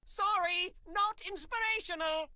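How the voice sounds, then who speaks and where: A man's voice: extremely high pitch, unhurried, pushed and bright, full character voice. A man voicing a sensible, patient male tomato who hosts a cartoon and hesitates with many "uh"s. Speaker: host.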